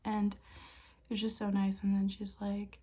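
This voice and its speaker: A woman's voice: medium pitch, completely flat delivery, measured pace, mellow, husky. A young woman from Canada telling a casual storytime as a vlogger, chatty with lots of filler words and often half-whispering.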